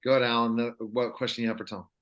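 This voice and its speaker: A male interview host asking questions in a casual, halting way. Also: medium pitch, little pitch movement, fairly bright tone.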